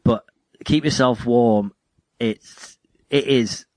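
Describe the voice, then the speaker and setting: A man's voice: mid-range voice, takes it slowly, darkish tone, no echo. A man hosting a podcast, chatting casually about music in a rambling, jokey way that keeps breaking off and restarting. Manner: rambling, self-interrupting, jokey. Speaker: podcast host.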